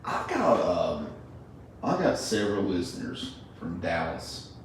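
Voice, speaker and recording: A man's voice: sits low, huge pitch swings, a little slow, slight background noise. A man hosting a podcast, chatting in a laid-back, folksy way. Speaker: podcast host. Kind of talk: casual chat. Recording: very echoey room, mic far off.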